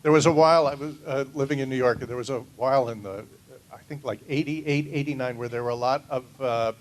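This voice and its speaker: Deadpan man on a panel, faint hiss. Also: medium pitch, quick pace, poor audio. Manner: dry, deadpan teasing. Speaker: actor on a convention panel. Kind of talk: anecdotal panel talk. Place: convention panel room.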